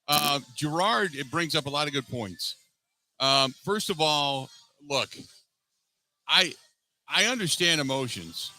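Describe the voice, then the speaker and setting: Sports radio host guy, sharp bright voice, keeps repeating and restarting, fired up. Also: on the high side, expressive, takes it slowly, long pauses, rough recording. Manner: emphatic, repeats himself, restarts often. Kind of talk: post-game call-in show.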